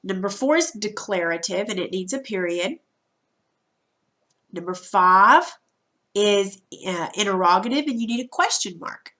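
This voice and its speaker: Woman, teacher, recorded grammar lesson, casual, talks straight to students, restarts sentences, mid pitch. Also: animated, a little slow, bright, forceful tone. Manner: repeats and restarts while explaining.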